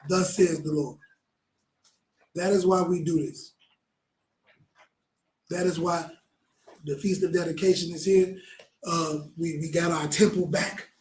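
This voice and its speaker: A man's voice: fairly high pitch, fairly even intonation, a little slow, long pauses, darkish tone, echoey room, slight background noise, rough recording. A man preaching a fervent, blunt sermon with lots of repetition.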